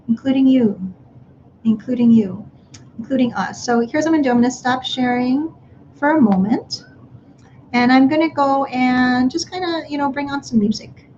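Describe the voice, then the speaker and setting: A woman speaking to parents in a live online workshop, gently guiding them through breathing exercises. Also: high-pitched, normal speed, dull audio, slight background noise.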